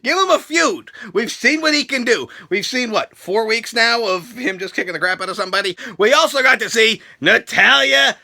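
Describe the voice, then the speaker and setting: A man ranting through a wrestling show review, crude and mocking, breaking into shouts and laughter. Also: extremely high pitch, animated, normal speed, creaky, hardly any pauses. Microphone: handheld camera.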